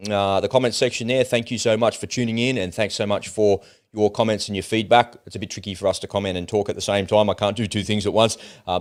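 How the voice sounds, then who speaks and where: A man co-hosting a casual livestream, talking bluntly and animatedly, with frequent swearing. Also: fairly low pitch. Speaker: co-host.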